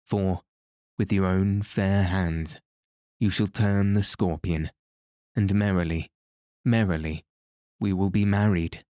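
A man reading the lines of a coldly calm, mocking masked male madman in an audiobook. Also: deep voice, no echo, studio quality.

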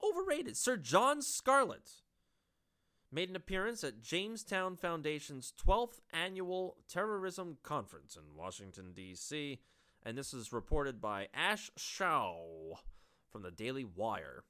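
A woman's voice: sits low, very animated, measured pace, bright, forceful tone. A woman giving opinionated solo political commentary, sarcastic and exasperated, laughing at her own jokes.

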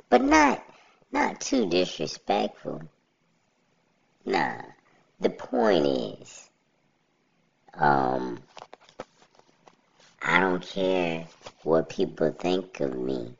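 Man in a deep pitched-down robotic voice. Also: vocal fry, lo-fi sound. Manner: blunt and rambling, often says "you know what I'm saying". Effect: pitched-down robotic voice filter. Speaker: podcast host. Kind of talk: casual solo podcast monologue.

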